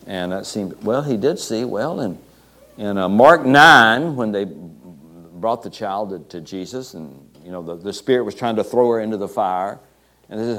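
Male preacher, lowish voice, halting storytelling sermon with frequent fillers and restarts. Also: animated, a bit bright. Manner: halting, many fillers and restarts, quoting scripture.

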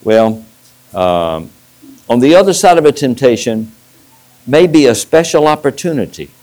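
A man's voice: mid-range voice, very animated, a little slow, a little mellow, low-quality recording. A middle-aged man, a pastor, preaching a sermon and telling stories with restarts. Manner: storytelling with restarts and acted-out quotes.

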